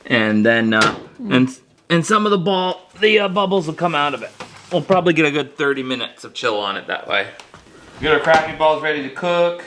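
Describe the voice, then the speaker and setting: A man's voice: a little high, lively intonation, fairly quick, echoey room, noisy background. A man hosting a casual cooking demonstration in a kitchen, joking and poking fun at himself as he rambles through the recipe. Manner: joking, self-mocking, rambling. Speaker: outdoor cooking show host.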